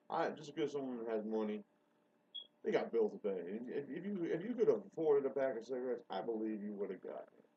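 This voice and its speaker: A man hosting a rambling solo show, excitable and profane, swinging between low mutters and sudden loud outbursts. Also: fast talker, breathy edge. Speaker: show host. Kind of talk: rambling monologue. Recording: dull lo-fi recording.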